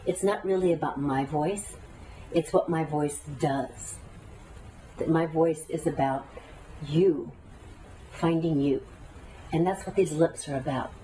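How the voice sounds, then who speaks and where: A woman teacher with a low, mellow voice gives an earnest, talkative lesson and leads breathing exercises. She sits some way back from the microphone, and a faint ambience hangs behind her. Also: slow, long pauses, recorded from a distance, a little hiss or hum, poor audio. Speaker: meditation teacher. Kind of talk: spoken teaching to a class.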